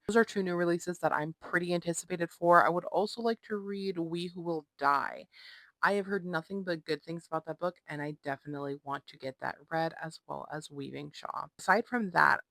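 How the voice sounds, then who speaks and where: A woman's voice: on the low side, normal speed, creaky, fairly bright tone, no room sound. A woman in her twenties, a book vlogger, chatting casually and gushing, with lots of fillers. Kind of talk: casual chat.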